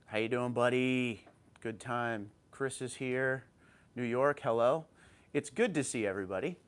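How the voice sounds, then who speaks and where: A man's voice: medium pitch, a little slow, smooth. Casual man greeting his livestream chat. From New Jersey. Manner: reads out viewer comments and greets chatters by name. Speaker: livestream host. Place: home. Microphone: old tablet.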